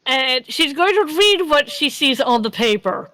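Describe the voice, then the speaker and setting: A woman's voice: high-pitched, big pitch swings, measured pace, pushed and bright, no room sound, low-quality recording. A woman running a tabletop game as game master on a live stream, rambling and giggly, correcting herself as she goes. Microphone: streaming microphone.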